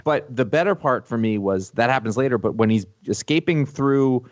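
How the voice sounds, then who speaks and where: A man's voice: medium pitch, moderate pace, no room sound. A man co-hosting a podcast who chats casually and cuts in eagerly. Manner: excitable, interjects, restarts. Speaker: podcast co-host. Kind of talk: casual chat. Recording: dry, dull lo-fi sound.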